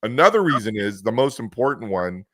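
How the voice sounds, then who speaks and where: Hosting a laid-back podcast, this West Coast American man rambles through chatty stories, restarting often. He talks a little fast in a sing-song, mid-range voice that sounds fairly bright, on a dry studio-quality recording.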